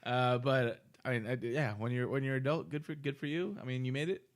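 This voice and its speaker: A man's voice: medium pitch, fairly even intonation, a little fast. A young man co-hosting a casual podcast, loose and tipsy, swearing and laughing as he chats. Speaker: podcast co-host. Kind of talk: casual drinking-podcast banter.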